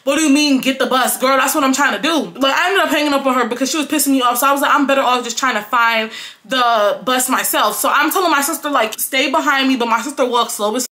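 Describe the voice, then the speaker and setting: Late-teen female vlogger, casual storytime, high and bright, acts out quotes. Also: quick pace. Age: young adult; late teens. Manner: animated, slangy, acts out quotes loudly.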